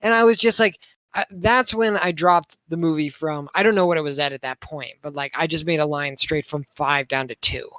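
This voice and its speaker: High-voiced man ranting about a film. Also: brisk, a bit bright, no echo. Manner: rambling, heavy on filler words, swears a lot. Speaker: podcast co-host reviewing a movie. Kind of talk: casual chat.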